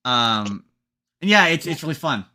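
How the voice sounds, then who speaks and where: A man with a bright, forceful voice co-hosts a casual podcast chat. He rambles through a movie recap and restarts his sentences often. His pitch sits in the middle range. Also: big pitch swings, a little slow. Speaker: podcast co-host.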